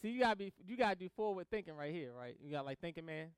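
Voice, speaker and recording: High, smooth-voiced preacher telling stories. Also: male voice, rapid-fire, dry recording. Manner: animated storytelling, acts out both sides of conversations; casual slang-filled delivery with laughter. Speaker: pastor. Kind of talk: sermon.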